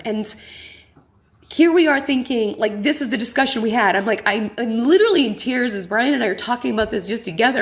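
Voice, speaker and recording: A woman's voice: mid-range voice, gravelly. A woman in a homemade video, speaking earnestly and emotionally to church friends about her children.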